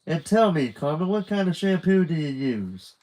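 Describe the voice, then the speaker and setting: A man's voice: on the high side, very animated, normal speed, warm tone, voice pushed up, low-quality recording. A man voicing a chirpy, eager woman survey taker with a twangy North Dakota accent. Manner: eager, cheerful.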